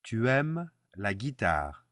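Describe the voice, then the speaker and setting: A man's voice: lowish voice, very animated, slow, fairly bright tone, dry recording, clean studio sound. A man teaching a French lesson, patiently explaining pronunciation and repeating phrases for the listener to copy. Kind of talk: language lesson with repeat-after-me drills.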